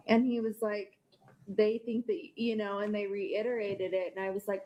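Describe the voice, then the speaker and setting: A woman's voice: medium pitch, steady tone, moderate pace, a little mellow. A woman in her thirties in a private chat, upset and swearing as she repeats herself. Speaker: widow in a recorded private conversation. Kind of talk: casual heated chat.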